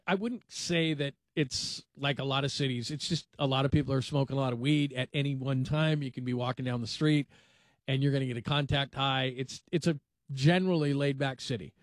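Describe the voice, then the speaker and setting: A man's voice: mid-range voice, dry recording. A man hosting a sports talk radio show, rambling and conversational with dry sarcasm. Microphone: studio microphone.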